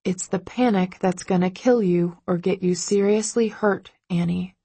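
A woman's voice: on the low side, fairly even intonation, unhurried, dark tone, breathy edge, dry recording. A woman voicing a stern older man who lectures on self-defense, firm and warning.

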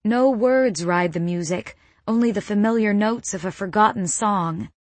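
A woman reading a first-person novel as an audiobook narrator, in a measured, suspenseful manner on a close mic. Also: medium pitch, no echo.

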